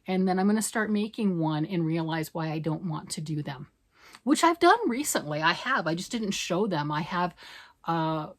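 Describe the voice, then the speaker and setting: A woman's voice: lowish voice, expressive, normal speed. An older woman, a grandmother, chatting casually and rambling a bit as she shows her knitting project. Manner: chatty, rambling, self-deprecating. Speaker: knitting vlogger.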